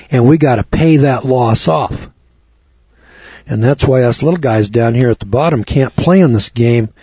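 A man giving a folksy, cautionary lecture as an instructor, often clearing his throat and repeating words as he tells homespun stories. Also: medium pitch, darkish tone, no room sound. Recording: dull lo-fi recording.

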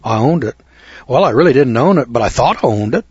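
A man's voice: mid-range voice, lively intonation, fairly quick, a little mellow, husky, no room sound. A middle-aged man telling a rambling, self-mocking story to an audience, repeating words as he goes. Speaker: speaker addressing an audience. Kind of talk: folksy storytelling lecture. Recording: dull muffled dry recording.

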